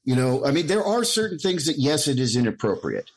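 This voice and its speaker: A man from the United States talks in a relaxed podcast chat, stating his views earnestly and swearing now and then. His voice has a slightly husky, grainy edge. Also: fairly high pitch, brisk. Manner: earnest and opinionated, profane. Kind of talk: casual chat.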